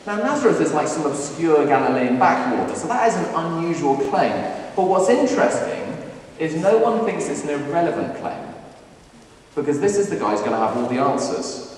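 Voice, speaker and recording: A man giving a lively lunchtime talk to students, acting out quotes with playful humor. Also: a little high, a little fast, a little hiss or hum. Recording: echoey hall, recorded from a distance.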